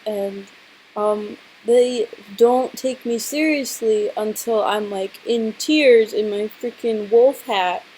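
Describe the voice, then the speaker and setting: A woman's voice: medium pitch, darkish tone, low-quality recording. A young woman vlogger with a sore throat, telling a story in a chatty, dramatic way and saying "like" a lot. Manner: chatty and dramatic, heavy use of "like". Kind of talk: casual storytelling to camera.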